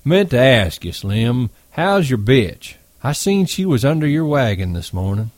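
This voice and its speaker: A man reading aloud and voicing a big, crude ranch hand who talks in a slow, blunt drawl. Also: mid-range voice, very animated, a little mellow, no echo.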